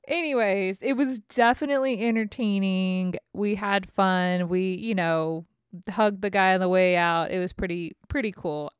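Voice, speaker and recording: A woman's voice: medium pitch, unhurried, clean tone, no echo, clean studio sound. A woman in her thirties chatting casually as a host, swearing freely and laughing through her story. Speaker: podcast host. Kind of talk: casual chat.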